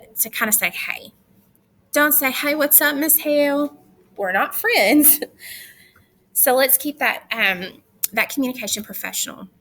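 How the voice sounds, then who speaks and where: Bright-voiced woman teacher, chatty and firm. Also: medium pitch. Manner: chatty, firm, with teasing asides. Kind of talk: recorded class instructions.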